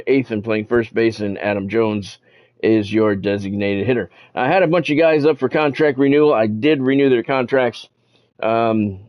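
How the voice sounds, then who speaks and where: On a live stream, a man with a medium-pitched voice casually commentates his baseball video game, chatting with viewers by name and swearing when annoyed. The audio sounds dull.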